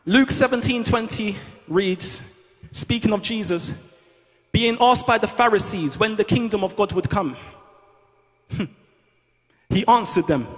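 A man preaching a fervent sermon in a church, calling on the congregation to repeat after him and rising to shouts. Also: high-pitched, animated, slow pace, long pauses. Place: church hall. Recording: long reverb of a large hall.

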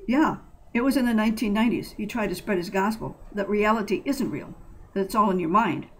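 A woman voicing a shaken, hoarse woman survivor who explains things urgently in a storybook reading. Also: mid-range voice, expressive, brisk, lightly acted.

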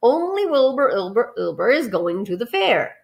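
A woman's voice: a little high, big pitch swings, moderate pace, vocal fry, pitched above the performer's own voice. A woman playing a stammering fussy goose. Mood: scolding. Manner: stuttering repeated word endings. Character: fussy mother goose who repeats her words.

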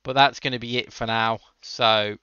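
A man's voice: medium pitch, steady tone, moderate pace, sharp tone, smooth, dry recording, dull audio. A man hosting a casual coding livestream, answering chat questions with dry jokes. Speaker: livestream host.

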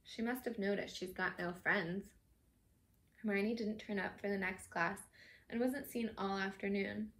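A woman's voice: medium pitch, gravelly. A woman reading a novel aloud in a casual storytelling manner, now and then slipping and correcting herself. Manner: warm casual storytelling, occasional slips and self-corrections. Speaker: reader. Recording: echoey room.

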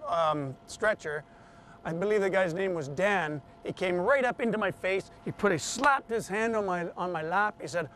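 A man being interviewed, telling a personal story in an animated way and acting out the voices of the people he quotes. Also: high-pitched, brisk, a little hiss or hum.

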